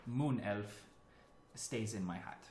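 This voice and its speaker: A man's voice: lowish voice, slow, a little mellow, roomy sound, slight background noise. A man voicing a nervous, stooped male robot construct who talks in a fussy, formal way. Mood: fretful, formal.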